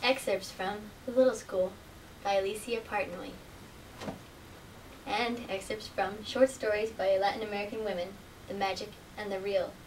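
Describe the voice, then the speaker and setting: Young woman, earnest measured reading, literary excerpts, distant mic, faint hiss. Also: mid-range voice, steady tone. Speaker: student reader.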